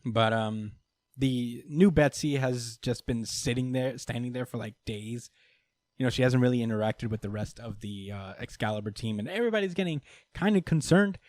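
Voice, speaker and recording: A man's voice: medium pitch, moderate pace, darkish tone, dry recording. A man hosting a podcast, recapping comic books in a loose, chatty way, swearing freely and laughing between lines. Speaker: podcast host. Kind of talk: casual comic book recap.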